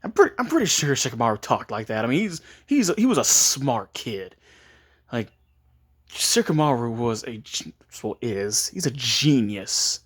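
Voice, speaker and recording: A man's voice: mid-range voice, sing-song, normal speed, fairly bright tone, breathy edge. A man casually making up and retelling a story, rambling with frequent restarts and chuckles.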